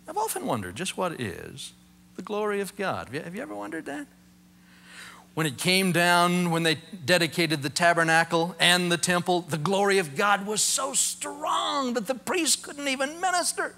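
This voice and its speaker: Lively, bright-voiced male preacher. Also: high-pitched, moderate pace, creaky. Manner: animated storytelling, acting out quotes with humor. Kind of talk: sermon.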